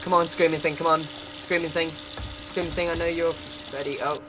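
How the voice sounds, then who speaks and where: A man's voice: a little high, little pitch movement, normal speed. A man casually commentating as he plays a horror game, joking, scolding the characters and swearing. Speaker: gamer playing a horror game. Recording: noisy home recording.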